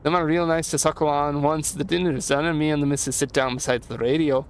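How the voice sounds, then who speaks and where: Reading game dialogue aloud in voices, a man plays a cheerful, chatty dockworker with a put-on Irish accent, folksy and eagerly repeating himself. He talks fast in a steady, slightly high tone close to his everyday voice, with slight background noise.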